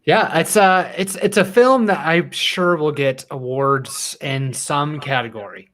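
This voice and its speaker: A co-host of a movie review show, chatting in a relaxed, conversational way. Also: mid-range voice, a little slow. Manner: relaxed, conversational, laughs easily. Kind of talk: casual movie review chat.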